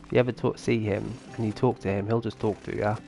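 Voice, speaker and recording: A man's voice: lowish voice, steady tone, quick pace, gravelly, mellow, a little hiss or hum. A man streaming a farming game, chatting casually and answering his viewers' comments as he plays. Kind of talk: casual live-stream chat.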